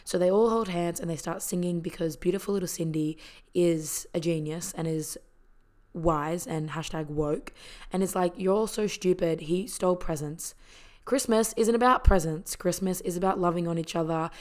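A woman talks through a film's story in a loose, casual recap. Her voice sits a little low, and she sounds chatty and heartfelt, scattering fillers and the occasional swear word as she goes. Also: steady tone, moderate pace, darkish tone. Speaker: vlogger. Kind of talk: casual movie retelling.

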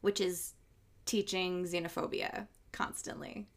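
A woman's voice: lowish voice, flat delivery. A woman hosting a podcast, talking in a casual, thoughtful, articulate way. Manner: thoughtful, articulate, sometimes quick. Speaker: podcast host. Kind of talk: casual interview conversation.

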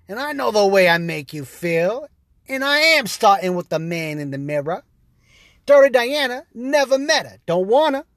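A man's voice: high voice, no echo, clean studio sound. A man ranting on a podcast in a brash, heated and profane way, full of streetwise slang. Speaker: guest taking over a podcast. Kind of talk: casual profane rant.

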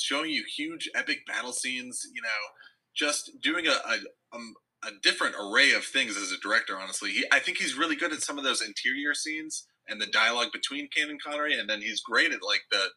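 A man's voice: medium pitch, slightly rough, rough recording. A man co-hosting a podcast, chatting casually about a film and laughing often. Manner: relaxed, laughs often, restarts sentences. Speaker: podcast co-host. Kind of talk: casual film review chat.

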